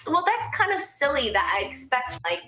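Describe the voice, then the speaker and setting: A woman's voice: high-pitched, big pitch swings, normal speed, noisy background. A woman in a comedic vlog, talking in a chatty, confessional way with plenty of "like". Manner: chatty, confessional, heavy use of "like". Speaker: vlogger. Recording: echoey room with faint music.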